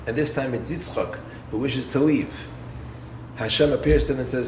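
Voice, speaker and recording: A man, a rabbi, giving a Torah lecture in an expressive way, posing rhetorical questions and swinging from low, quiet phrases to raised ones. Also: moderate pace. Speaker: rabbi and yeshiva head. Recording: roomy echo with faint background noise.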